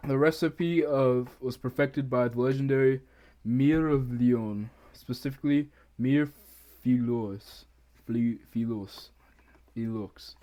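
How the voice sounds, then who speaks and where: A man's voice: medium pitch, warm tone. A young adult man casually commenting on a video during a live stream, slangy and saying "bro" a lot, with keyboard typing near his desk mic. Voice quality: slangy, says "bro" often.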